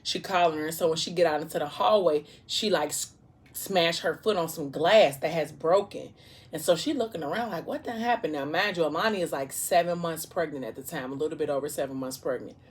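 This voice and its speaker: A woman's voice: low voice, fairly quick. Chatty woman retelling a story. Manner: chatty, animated plot retelling with asides. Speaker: vlogger. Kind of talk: casual storytelling during a mukbang.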